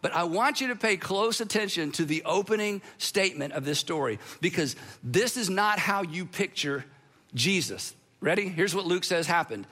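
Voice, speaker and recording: Middle-aged male pastor, sermon delivery, high and bright, chatty and animated. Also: moderate pace. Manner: conversational, animated, acts out quoted voices.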